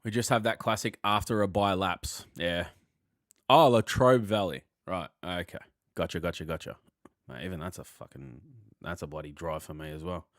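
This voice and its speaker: An Australian man hosting a live football fan stream, chatting loosely with viewers, blokey and sweary, thinking out loud. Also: deep voice, moderate pace, no room sound, studio quality.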